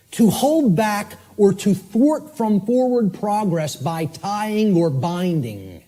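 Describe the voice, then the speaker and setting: In a high voice, a man gives a lecture full of force and emphasis. He often pauses to ask "okay?" and spells words out letter by letter.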